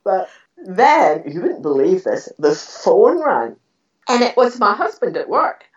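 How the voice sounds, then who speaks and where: An older woman, a guest in an interview, tells ghost stories in an animated way, laughing often and acting out what she said back then. Her voice is mid-range with a measured pace, and the recording sounds dull and slightly distant.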